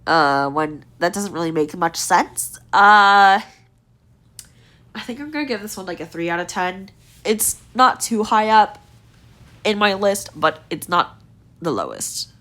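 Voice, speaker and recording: In a mid-range, expressive voice that's unhurried, bright, and forceful, a young gaming creator offers casual outfit ratings. She rambles with many fillers, and her voice is tiring and a bit strained.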